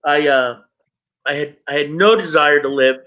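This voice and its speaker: A man's voice: fairly high pitch, normal speed, sharp tone, muffled recording. A middle-aged man sharing his recovery story in an earnest personal testimony, speaking straight to his listeners.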